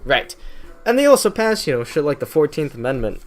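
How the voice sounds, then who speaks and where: A young man rattles through a history lesson in a loose, profane, joking way. His pitch swings widely as he mocks the people he talks about. Faint music plays behind him. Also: big pitch swings, fairly quick. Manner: irreverent, swears constantly, drops into mocking quoted voices. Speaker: history explainer. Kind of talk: casual profane history narration.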